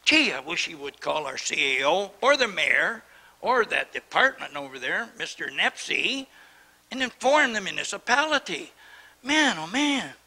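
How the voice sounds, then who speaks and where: Worked-up gravelly mayor, high and piercing. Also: male voice, sing-song, a little slow, bright, forceful tone, rough recording. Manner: worked up and indignant, lecturing. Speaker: mayor chairing a council meeting. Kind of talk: heated council debate. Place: town council chamber.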